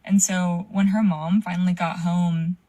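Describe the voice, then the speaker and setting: A woman's voice: on the low side, level tone, unhurried, warm tone. A young woman telling a frightening personal story in a casual way, with lots of "like" and swearing. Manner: frequent "like" fillers, swearing. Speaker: caller sharing a story.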